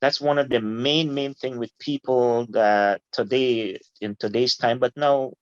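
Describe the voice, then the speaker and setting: A middle-aged man, a guest telling his story in an animated, informal way and laughing easily. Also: mid-range voice, measured pace, no echo. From Guyana. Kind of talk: casual interview storytelling. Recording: dull lo-fi, dry.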